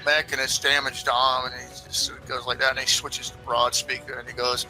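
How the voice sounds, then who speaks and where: Male player, bright sharp voice, animated narrator of his own moves. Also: medium pitch, normal speed, hardly any pauses, faint music behind, poor audio. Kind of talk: describing a character's moves in a tabletop game.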